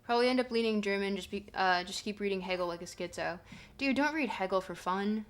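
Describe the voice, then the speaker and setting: A young adult woman streamer in casual chat with her viewers, rambling with fillers and breaking into playful, excited bursts. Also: medium pitch, fast. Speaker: livestreamer reading chat.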